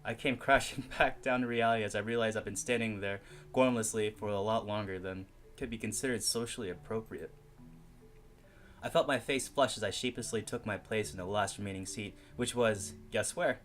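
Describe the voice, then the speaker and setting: A man reading a visual novel game aloud, with giggly, excitable asides and frequent laughter. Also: fairly low pitch, fairly quick, soft background music.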